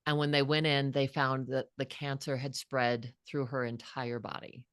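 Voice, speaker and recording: A woman's voice: rumbling low, level tone, moderate pace, smooth, no room sound, clean studio sound. A woman in her fifties, a guest author, telling a personal story in an earnest, reflective way with frequent restarts. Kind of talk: heartfelt storytelling.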